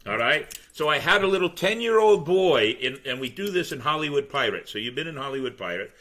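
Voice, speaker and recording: A man's voice: on the high side, fairly quick. A man on a pirate-themed podcast, telling stories in casual chat and acting out the quotes. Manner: animated storyteller, acts out quotes. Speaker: pirate museum tour guide and entertainer.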